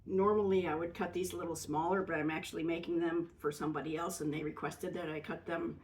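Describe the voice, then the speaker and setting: A woman with a deep voice hosts a casual home cooking demonstration in a kitchen, explaining each step plainly and chattily with easy fillers. She talks fast with fairly even intonation, sitting a bit far from the mic amid slight background noise.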